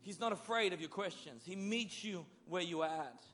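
A male preacher giving a sermon, swinging between loud bursts and soft, low lines as he acts out biblical figures. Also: normal speed, a little hiss or hum.

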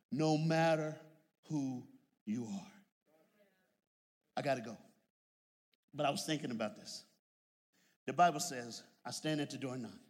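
A man preaching a sermon, building from plain storytelling into shouted, drawn-out fervor, with humorous asides. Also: medium pitch. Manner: humorous storytelling with put-on voices. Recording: long hall reverb.

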